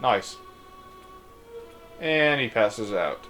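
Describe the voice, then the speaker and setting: A man's voice: fairly low pitch, animated, drawn-out words, fairly bright tone, faint music behind. A young man casually commenting on a video game he is playing, rambling and reading game text aloud. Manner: loose, with frequent restarts and fillers. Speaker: let's play gamer.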